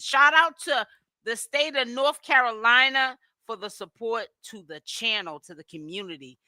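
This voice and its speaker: A woman hosting a casual live stream, greeting her viewers one at a time and tripping over their names. Her voice sits high and sounds bright and sharp. The sound is dry and close. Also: no echo. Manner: stumbles over names and apologizes. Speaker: livestream host.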